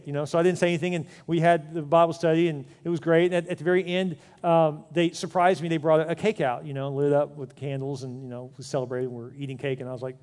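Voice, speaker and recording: A male pastor delivers a sermon with a somewhat high voice, moving between quiet storytelling and emphatic rises. His words ring out with a long reverb, as in a large church sanctuary. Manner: storytelling, animated and emphatic, with repeated restarts.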